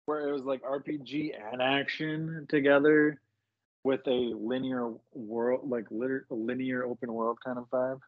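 A man with a husky voice co-hosts a casual podcast and lays out his argument in a measured, lengthy way. The recording is dry and close, with a dull lo-fi sound. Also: medium pitch, flat delivery, dry recording. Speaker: podcast co-host. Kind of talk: casual chat.

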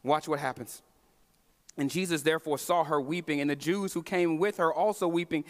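A man preaching a sermon as pastor. His delivery is impassioned, swinging between hushed moments and emphatic calls. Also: fairly high pitch, moderate pace. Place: church sanctuary. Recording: long reverb of a large hall.

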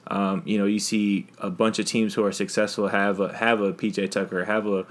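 A young man with a fairly low voice chats easily on a podcast. He talks at an unhurried pace and fills his sentences with "you know" and "um". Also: flat delivery. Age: young adult. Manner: laid-back, many fillers, laughs often. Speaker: podcast guest, basketball player. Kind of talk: casual chat.

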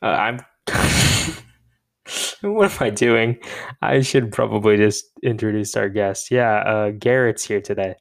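A man's voice: fairly low pitch, a little slow, creaky. A young man, a podcast co-host, chatting alone in a rambling, self-mocking way. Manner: rambling, self-deprecating, laughs at himself. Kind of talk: rambling solo podcast chat.

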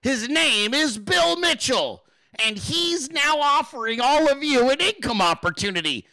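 A man putting on the voice of a pompous male businessman who is pitching an income opportunity, drawn out and sing-song in mockery. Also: animated, unhurried, sharp tone, no echo, exaggerated voice. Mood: mock salesy.

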